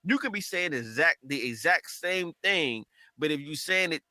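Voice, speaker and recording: A man co-hosting a casual podcast chat, talking in an animated way and acting out quoted conversations. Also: a little high, normal speed, no echo. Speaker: podcast co-host.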